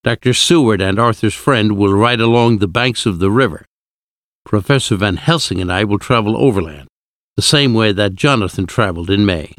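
A male narrator reads an audiobook in a steady, even voice. His pitch sits low, and the recording is close and dry. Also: normal speed, dry recording. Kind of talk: scripted narration.

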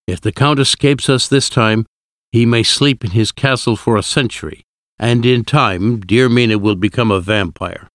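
A man reading an audiobook, voicing an older male professor who speaks slowly, gently and gravely. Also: medium pitch, no room sound, studio quality, close to an everyday voice. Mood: gentle. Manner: slow, measured, gentle. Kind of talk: audiobook character voice.

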